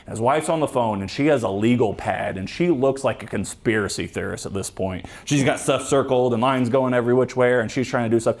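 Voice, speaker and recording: A man's voice: medium pitch, brisk, hardly any pauses, a little mellow. A man, a police officer giving a casual talk to a club, joking and rambling with many fillers and restarts. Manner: joking, chatty, acts out quoted voices.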